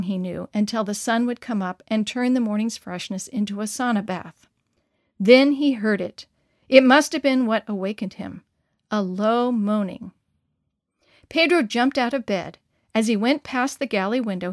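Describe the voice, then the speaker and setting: A woman narrating a story aloud in a steady, expressive reading voice. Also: mid-range voice, no echo, studio quality.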